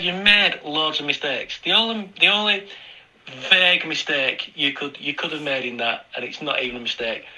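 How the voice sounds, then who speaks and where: A man's voice: on the high side, sharp tone, rough recording. A British man from the UK talking casually in a recorded voice message to a podcast, chatty and swearing a lot. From United Kingdom. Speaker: listener sending a voice message.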